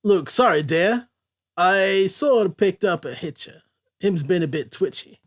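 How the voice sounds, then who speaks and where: A man reading comic lines as Gambit, a smooth male mutant, in a clumsy put-on Cajun accent. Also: high-pitched, lively intonation, a little slow. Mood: apologetic. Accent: bad put-on Cajun.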